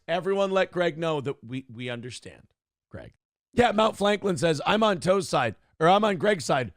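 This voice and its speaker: A man hosting a live show, reading chat aloud and firing back at trolls in a sarcastic, teasing way. His voice sits fairly high and carries a gravelly rasp. The sound is close and dry, with no room around it. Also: no echo. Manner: reads out chat comments. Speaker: radio show host. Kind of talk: live-stream donation appeal.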